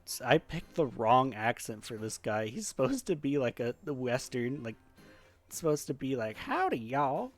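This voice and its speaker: A man's voice: medium pitch, lively intonation, normal speed, soft background music. A young man casually commenting on a game playthrough, offhand and self-mocking. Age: young adult. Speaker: game video host.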